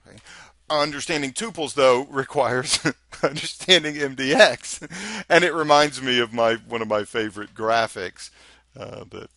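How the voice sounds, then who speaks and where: A male instructor delivers a recorded technical lecture in a chatty, conversational way, tossing in rhetorical questions. His medium-pitched voice is bright and forward, fairly even in intonation at normal speed. It sits close and dry on the mic with no room sound.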